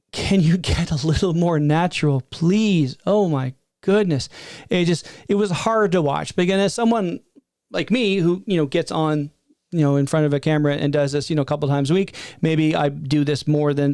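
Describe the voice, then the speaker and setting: A man in his fifties giving a rambling, animated spoken reaction from his desk, with exasperated asides. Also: on the high side, smooth, no room sound, studio quality. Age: 50s. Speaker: tech streamer. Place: at a desk before a green screen.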